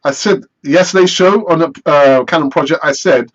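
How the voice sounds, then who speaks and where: A man hosting a live football fan stream, chatty and animated as he answers viewer messages. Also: on the high side, a little fast, few pauses, muffled recording, background noise. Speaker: football fan channel host.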